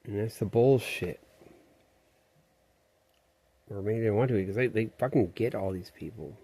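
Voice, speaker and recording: A man's voice: on the low side, a little fast, dark tone, slightly rough. A man rambling through a profane, meandering, conspiratorial monologue.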